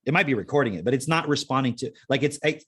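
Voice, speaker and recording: A man's voice: mid-range voice, animated, rapid-fire, fairly bright tone, slightly rough. A man hosting a podcast in casual chat, rambling and laid-back, with lots of "like" and free swearing. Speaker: podcast host.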